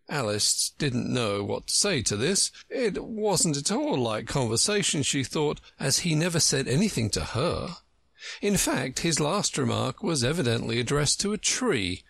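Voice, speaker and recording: A man narrating a storybook reading in a slow, expressive manner. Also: medium pitch, gravelly, breathy edge, no echo, clean studio sound.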